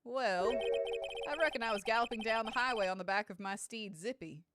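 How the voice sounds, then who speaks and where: A woman's voice: on the high side, a little fast, background noise, natural voice. A woman doing a drawling Texan cowboy guard. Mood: folksy. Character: laid-back male cowboy security guard, older. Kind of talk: reading game dialogue aloud. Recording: game music underneath. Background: game music.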